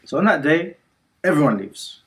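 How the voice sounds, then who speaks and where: A man's voice: a little high, sing-song, normal speed, fairly bright tone, rough recording. A man teaching a religious class in an indoor community centre. He tells the story casually, with many fillers, and drops in Arabic words. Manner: retells scenes with quotes and frequent fillers; code-switches with Arabic words.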